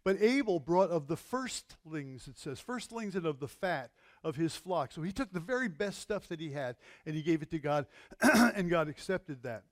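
A man with a high, light voice gives a conversational sermon and drops in rhetorical questions to the congregation. He slows down to lean on his key words. The sound is dry and close, with no room echo. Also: lively intonation. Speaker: pastor.

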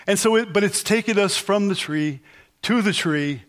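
Male pastor preaching, slightly high voice, chatty storyteller who restarts his sentences. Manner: conversational, storytelling with frequent restarts; sings hymn lines slowly. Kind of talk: sermon.

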